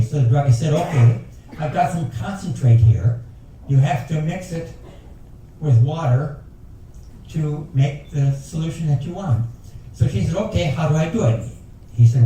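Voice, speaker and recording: A man's voice: on the high side, moderate pace, warm tone, slight background noise. An older man telling folksy, rambling jokes at a passenger talent show. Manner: folksy storyteller with rambling asides. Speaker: talent show joke teller. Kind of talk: stand-up joke telling. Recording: echoey room taped from far off.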